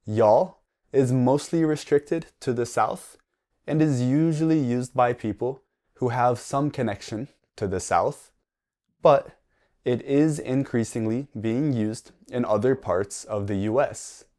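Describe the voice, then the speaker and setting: Slow, careful man teaching English. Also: medium pitch, darkish tone. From United States. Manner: slow, careful, deliberate delivery for learners. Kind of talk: slow scripted lesson narration.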